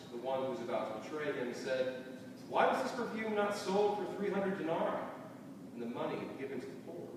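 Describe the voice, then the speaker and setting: A male pastor reads scripture slowly and carefully, letting his phrases fall away softly at the ends. His voice rings through a large church hall, picked up from well back from the microphone with a steady hum of ambient noise underneath. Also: mid-range voice. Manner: slow, deliberate reading with soft falling endings. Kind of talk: sermon with scripture reading. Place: church sanctuary. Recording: roomy church hall from far off.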